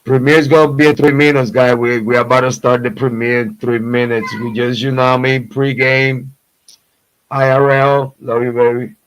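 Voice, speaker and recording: A man's voice: medium pitch, flat delivery, moderate pace, smooth, low-quality recording. A man hosting a true crime livestream, chatting casually before the show with loose, profane trash talk, frequent laughter and playful affection for his family.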